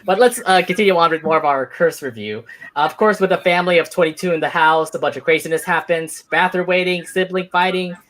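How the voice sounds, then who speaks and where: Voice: medium pitch, brisk, a bit bright. A co-host on a casual fan review podcast, easygoing and moving the talk along.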